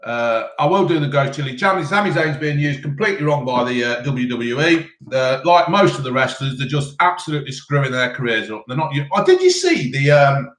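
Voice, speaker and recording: A man with a medium-pitched, fairly bright voice talks briskly with few pauses while eating on a live stream. He answers chat questions in a rambling, casual way packed with ums, and the recording has a roomy echo.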